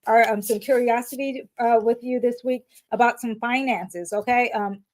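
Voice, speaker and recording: A woman's voice: a little high, steady tone, normal speed. Chatty woman giving a tarot reading. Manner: chatty, emphatic, repeats "okay?" to viewers. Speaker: astrology and tarot reader. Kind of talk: casual weekly tarot reading to camera.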